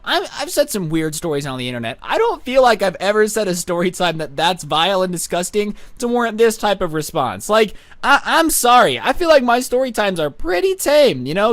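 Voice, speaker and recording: A man's voice: sits high, big pitch swings, fairly quick, hardly any pauses, a bit bright, dry recording. A young man telling a story time on his channel, chatty and sarcastic with lots of fillers. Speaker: YouTuber storyteller.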